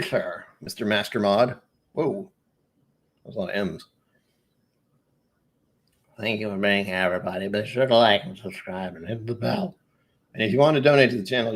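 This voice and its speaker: Man, New England accent, chatty live-stream host, distracted, self-deprecating, animated pitch. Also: slightly rough. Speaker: whiskey channel host.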